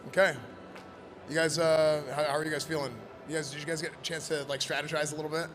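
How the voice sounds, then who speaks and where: A man presenting in costume at a live event, joking and rambling loudly. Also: a little high, little pitch movement, fast talker, music in the background. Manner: playful, rambling, loud. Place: convention event floor. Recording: noisy convention floor.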